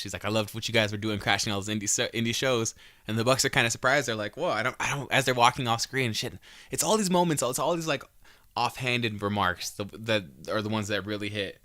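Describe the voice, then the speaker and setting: A man's voice: lowish voice, bright, forceful tone, no echo, studio quality. A man hosting a podcast, recapping wrestling shows in a rambling, profane, casual way with many restarts. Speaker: podcast host.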